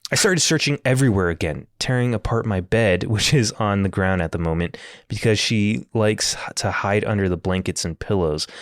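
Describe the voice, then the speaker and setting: A man's voice: lowish voice, dry recording, studio quality. A man co-hosting a casual podcast, reading stories aloud in a laid-back, hesitant way with chuckles. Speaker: podcast co-host.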